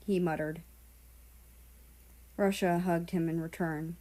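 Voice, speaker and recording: A woman reading a fan fiction story aloud in a calm, measured way. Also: lowish voice. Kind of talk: audiobook narration.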